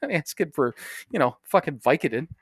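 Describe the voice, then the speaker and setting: A man's voice: fairly high pitch, big pitch swings, fast talker, breathy edge, no echo, clean studio sound. Swearing man telling a story on a podcast. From Indiana. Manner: swearing, storytelling, quoting others with laughs. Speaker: podcast co-host. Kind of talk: casual chat.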